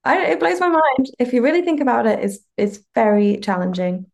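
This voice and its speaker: Gravelly young woman, laid-back. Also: a little high, steady tone, a little fast, darkish tone. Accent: mixed British-American. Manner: laid-back, rambling, trails off. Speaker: musician guest. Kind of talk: casual podcast chat.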